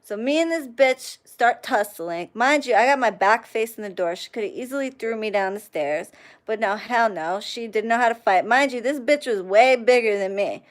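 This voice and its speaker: A young woman hosting a casual livestream, telling a profane, animated story and thanking chat viewers along the way. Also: on the high side, normal speed. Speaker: livestream host.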